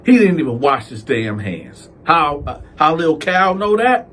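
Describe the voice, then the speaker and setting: A man hosting a casual storytime, telling a story in an animated, slangy way and acting out the characters. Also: on the high side, a little slow. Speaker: storyteller host.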